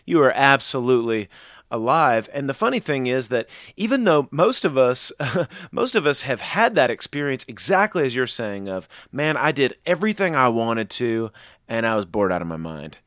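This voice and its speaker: Guy on a faith podcast, earnest, rambly, pitch jumps all over, dry close mic. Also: normal speed, dry recording. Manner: earnest, rambling with restarts, animated emphasis.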